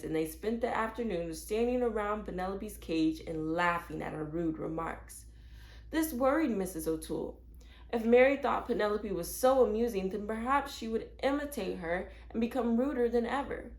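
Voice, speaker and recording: A woman reading a children's chapter book aloud as a storyteller, clear and steady. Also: medium pitch, normal speed. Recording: roomy echo.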